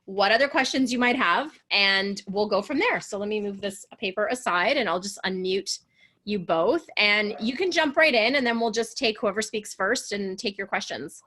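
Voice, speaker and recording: A woman's voice: medium pitch, moderate pace, pushed and bright. A woman relationship coach leading an online coaching session, earnest and encouraging, sometimes acting out the voices of people she describes.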